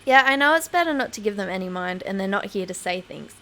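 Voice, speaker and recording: A woman's voice: mid-range voice, lively intonation, quick pace, fairly bright tone. A woman streamer chatting casually over gameplay, laughing often and swearing freely, on a home desk microphone.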